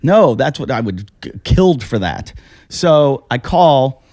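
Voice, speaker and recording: A man hosting a casual podcast, telling a long comic story and acting out his own yelling. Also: medium pitch, big pitch swings, a little slow, dry recording, studio quality. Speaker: podcast host. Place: house.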